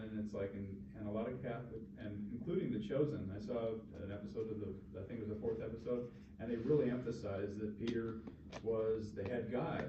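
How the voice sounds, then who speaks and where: A man on a discussion panel, speaking hesitantly in halting sentences with many pauses. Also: on the low side. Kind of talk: casual discussion. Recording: distant, roomy, dull, noisy.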